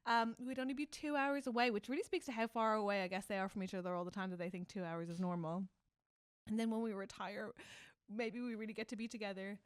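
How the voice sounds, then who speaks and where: A woman co-hosting a podcast, chatting casually and animatedly about a TV show, swinging from loud excitement to soft, tender quoting. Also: medium pitch, fast, smooth, no room sound, studio quality. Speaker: podcast co-host. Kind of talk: casual chat recapping a TV show.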